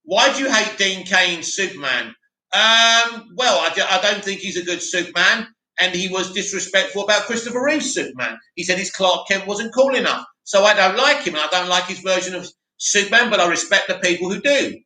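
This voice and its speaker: A man hosting a live stream, chatting casually and answering viewer comments in an animated way. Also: high voice, brisk, echoey room. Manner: chatty, animated, mocks a dramatic voice.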